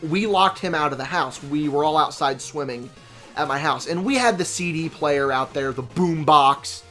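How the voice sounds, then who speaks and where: A young man on a gameplay channel tells a rambling, profane story, stopping and restarting as he goes. His voice sits a little high for a man, and he stumbles over names and fillers. Faint game music plays underneath. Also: normal speed. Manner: mimics friends in shrill shouts. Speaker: let's play host. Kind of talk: casual storytelling while gaming.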